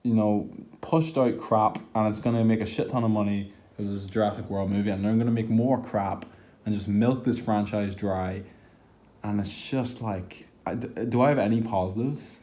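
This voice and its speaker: Young dude ranting about a movie, low mellow voice, swearing, super fed up. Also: male voice, steady tone, moderate pace. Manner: exasperated, profane, lots of "like" fillers. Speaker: movie reviewer. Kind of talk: ranting film review.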